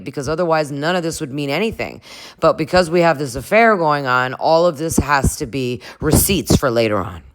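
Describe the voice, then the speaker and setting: A vlogger talking through a reality show episode in a loose, gossipy way. The voice sits in an ordinary middle range. The delivery rambles, with fillers and quick laughs. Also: mid-range voice, a bit bright. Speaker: recap vlogger. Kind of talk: casual TV recap chat.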